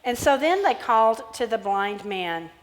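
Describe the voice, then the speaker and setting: A woman pastor giving a sermon, animated as she tells a Bible story and acts out its characters. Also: on the high side, unhurried. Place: church sanctuary. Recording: church hall reverb.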